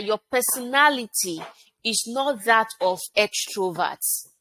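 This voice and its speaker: A woman gives a motivational public speaking lesson at a mid-range pitch. She hammers her points home through repetition and asks her listeners rhetorical questions, then answers them herself. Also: a bit bright. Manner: emphatic, repeats phrases and asks rhetorical questions. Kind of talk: motivational teaching talk.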